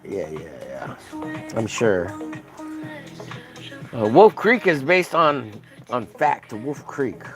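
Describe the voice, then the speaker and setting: A man's voice: medium pitch, very animated, slow, long pauses, faint music behind. A man from Texas streaming while he draws, chatting casually and rambling through stories with many fillers. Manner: rambling, filler-heavy storytelling. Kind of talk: casual chat while drawing live.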